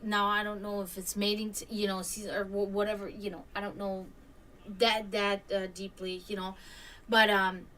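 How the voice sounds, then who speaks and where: A woman's voice: medium pitch, little pitch movement, moderate pace, fairly bright tone, far from the mic, slight background noise. A woman hosting a stream, telling a story casually, rambling with many fillers and restarts. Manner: imitates hawk caws. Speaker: stream host.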